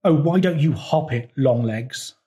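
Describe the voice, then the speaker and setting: A man's voice: on the high side, animated, measured pace, mellow. A man voicing a proud, bragging toad in a picture-book read-aloud, speaking in a blustering, boastful way. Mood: bickering.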